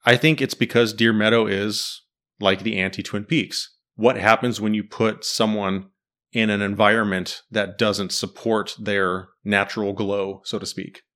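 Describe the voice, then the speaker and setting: A man's voice: lowish voice, fairly even intonation, unhurried, fairly bright tone. A man in casual chat, animatedly breaking down a TV series and quizzing his co-host. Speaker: podcast host discussing a TV series.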